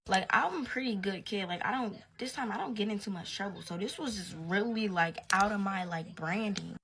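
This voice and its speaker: A woman's voice: mid-range voice, brisk, fairly bright tone. Young woman telling a slangy storytime. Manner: slangy and profane, drops to a whisper at times. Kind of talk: casual storytime.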